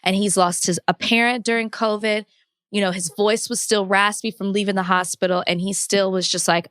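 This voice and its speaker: A woman's voice: medium pitch, fairly even intonation, a little fast, a bit bright, clear, resonant tone, dry recording, studio quality. A woman in her thirties co-hosting a podcast, telling stories in an earnest, reflective way during casual chat. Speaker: podcast co-host.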